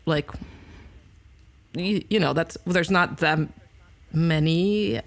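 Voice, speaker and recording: A woman's voice: low-pitched, takes it slowly. A woman guest on a podcast, chatting over a video call, rambling with lots of fillers and frequent giggles. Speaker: guest musician. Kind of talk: casual interview chat.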